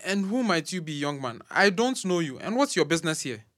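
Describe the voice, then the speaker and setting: A man's voice: a little high, big pitch swings, brisk, a bit bright. A man playing a pompous grieving professor. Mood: suspicious. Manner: formal, pompous, bitter. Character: grieving proud older male professor.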